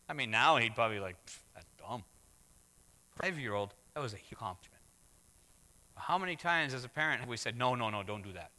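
A man preaching a sermon as pastor, swinging from hushed words to loud exclamations. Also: mid-range voice. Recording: long hall reverb.

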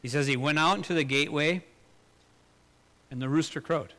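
A man preaching an earnest sermon with a bright, forceful, slightly high voice. He asks the listeners rhetorical questions, builds up louder and then drops low again. His voice rings out in a hall with a long echo. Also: moderate pace.

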